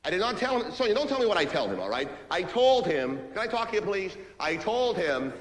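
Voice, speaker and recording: A man playing a loud, pushy, self-pitying business executive, barking sarcastic lines into a phone in a stage monologue. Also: high-pitched, very animated. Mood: ranting. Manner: barking, sarcastic, rapid-fire phone rant. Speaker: stage actor in a one-man play. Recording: echoey hall with long reverb, faint ambience.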